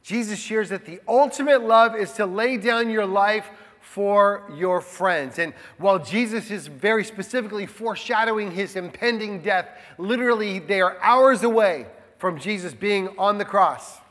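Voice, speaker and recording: A man's voice: high voice, normal speed, hardly any pauses, a bit bright, big-room sound. A man preaching a sermon in an earnest way, repeating key phrases for emphasis. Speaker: pastor.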